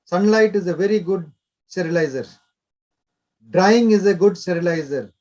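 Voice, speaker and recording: Older male doctor, high voice. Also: normal speed, a little mellow. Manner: instructive, short repeated directives. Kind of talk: explanatory interview talk.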